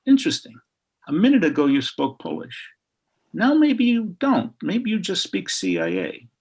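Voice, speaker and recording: A man's voice: mid-range voice, expressive, fast talker, husky. A man voicing a stern, suspicious female customs officer who bullies a traveler.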